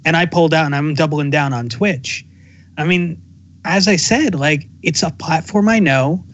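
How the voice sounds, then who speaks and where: A man with a somewhat high voice talking in a loose, easygoing way, pausing on fillers as he works out his thoughts. It is a casual streamer chat, with faint noise in the background. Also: muffled recording. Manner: relaxed, hesitant, many fillers. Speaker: streamer and co-host.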